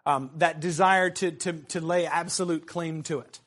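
A man's voice: fairly high pitch, fairly even intonation, moderate pace, a bit bright. A man giving a casual literature lecture, talking conversationally with many fillers and restarts. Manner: conversational, frequent fillers and restarts, reads quotes aloud.

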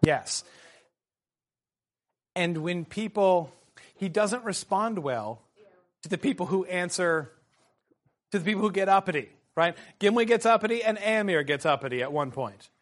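High-voiced male teacher leading discussion. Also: moderate pace, pauses often. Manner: animated, calls on students by name. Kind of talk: seminar discussion.

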